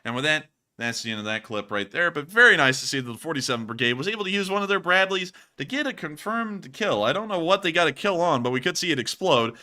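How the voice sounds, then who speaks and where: A man's voice: a little high, expressive, fast, few pauses, pushed and bright. A man giving casual, joking commentary on video clips as a show host, breaking into laughs and mock voices. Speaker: war news commentator.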